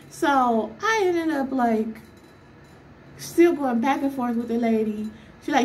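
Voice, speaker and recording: A woman's voice: high voice, slow pace, darkish tone, slight background noise. Exasperated young woman ranting. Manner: exasperated, emphatic, fires off rhetorical questions. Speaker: vlogger. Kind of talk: casual storytime rant.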